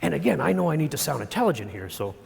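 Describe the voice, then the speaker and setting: A middle-aged man giving a storytelling talk on stage, animated and self-deprecating. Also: a little high, rapid-fire, gravelly. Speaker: speaker. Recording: long hall reverb.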